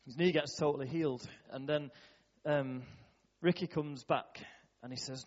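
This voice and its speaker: Man, church youth worker, loose storytelling talk, brightish pitch, dull boomy hall sound. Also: fairly even intonation, moderate pace, few pauses. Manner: chatty, laughing often, many fillers.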